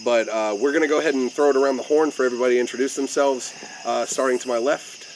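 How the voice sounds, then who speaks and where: A man in his twenties hosting a casual podcast, easygoing and quick to laugh, with plenty of fillers. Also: mid-range voice. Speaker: podcast host. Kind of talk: casual chat. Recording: steady background noise.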